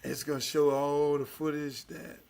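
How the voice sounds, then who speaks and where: An older man from Miami hosting his own podcast, talking in a loud, emphatic, profane way that drops to low confessional asides. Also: little pitch movement, normal speed, creaky, smooth. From Miami, United States. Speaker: podcast host. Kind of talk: casual profane talk-show monologue.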